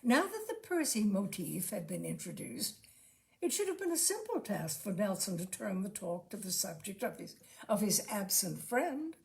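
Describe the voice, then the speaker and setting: A woman reading a comic short story aloud in expressive, scripted narration. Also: medium pitch, moderate pace, gravelly. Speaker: reader of short stories.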